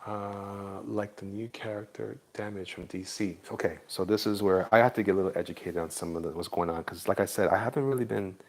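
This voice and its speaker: Gravelly low male streamer, relaxed and jokey, talking to chat while drawing. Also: fairly quick, hardly any pauses. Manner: laid-back, jokey, chatty with viewers. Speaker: livestream artist. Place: Florida.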